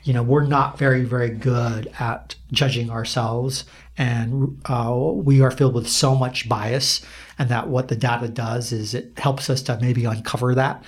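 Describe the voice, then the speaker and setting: A husky, slightly breathy man talks things over in a loose podcast chat. He sits at a middle pitch, thinks out loud, and drops the odd swear word with a laugh. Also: level tone, unhurried. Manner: reflective, laughs often, swears casually. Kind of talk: casual podcast conversation.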